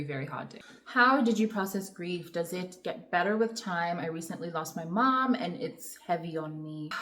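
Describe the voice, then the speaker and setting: A young adult woman telling a personal story in a reflective, emotional way, with many pauses, in a Q&A vlog. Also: fairly low pitch. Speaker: vlogger.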